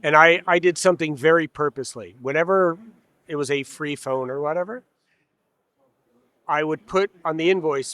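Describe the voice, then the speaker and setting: In a conversational interview in an expo hall, a man with a slightly high, fairly bright voice speaks at a moderate pace on a dry recording. As a trade association president, he is candid and wry, acting out customers and dealers in quoted asides.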